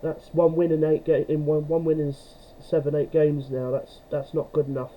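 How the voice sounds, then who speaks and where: A man's voice: fairly high pitch, flat delivery, normal speed, narrow, tinny audio, a little hiss or hum. A young man vlogging about football, ranting angrily and swearing often. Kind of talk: angry fan rant to camera.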